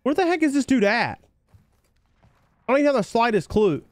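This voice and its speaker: A man's voice: extremely high pitch, big pitch swings, fairly quick. A man live-streaming a shooter game, chatting with teammates and viewers in a hyped, slangy way, calling everyone baby and bro. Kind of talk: casual gameplay chat with teammates and viewers.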